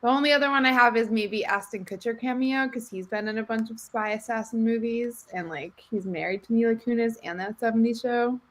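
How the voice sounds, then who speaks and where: A woman co-hosting a casual movie podcast, excited and playful, laughing often. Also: fairly high pitch, a little fast, few pauses. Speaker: podcast co-host. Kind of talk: casual chat.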